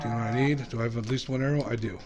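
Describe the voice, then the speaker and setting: A young man narrates his own gameplay in a quick, jittery voice, muttering and exclaiming to himself. His voice sits at an ordinary middle pitch. Clear game music plays underneath him. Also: fairly even intonation. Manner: quick, nervous, self-talking, exclaiming. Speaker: gaming YouTuber. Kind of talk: casual gameplay commentary.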